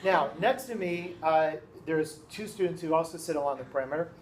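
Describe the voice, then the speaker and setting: A man in his thirties, a teacher telling a lively story to his class, often checking in with his listeners. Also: a little high, a little fast, noisy background. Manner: animated, keeps checking in with listeners.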